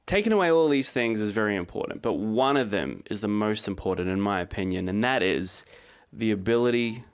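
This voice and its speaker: A man reads scripted commentary with deadpan, sarcastic humor. His voice sits somewhat low and stays steady and conversational throughout. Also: brisk, smooth. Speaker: video essay creator.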